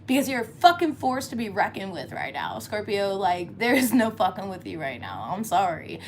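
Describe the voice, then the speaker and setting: A woman's voice: medium pitch, big pitch swings, normal speed, slight background noise. A woman giving a casual tarot reading, chatty and laughing often, cussing freely as she talks. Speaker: tarot reader.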